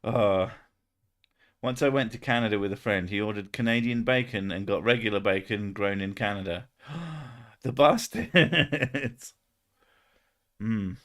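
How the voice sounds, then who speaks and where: A man's voice: lowish voice, fairly even intonation, moderate pace, pauses often. A young man hosting a casual stream chat, joking, swearing often and laughing between jokes. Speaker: streamer host.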